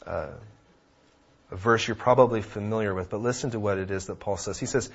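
A man preaching a sermon, emphatic, swinging between loud passages and hushed ones, on a dull lo-fi recording. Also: lowish voice, a little fast, slightly rough. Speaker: pastor.

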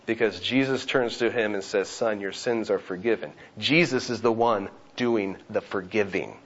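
A man in his thirties preaching a sermon, earnest and with lively asides. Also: on the low side, normal speed. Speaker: pastor. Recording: slightly dull lo-fi sound.

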